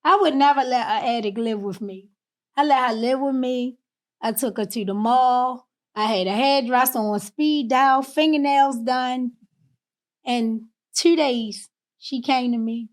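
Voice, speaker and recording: A woman from Baltimore, a podcast guest, telling a personal story candidly and emotionally, often drifting softer on painful moments. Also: high-pitched, measured pace. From Baltimore, USA.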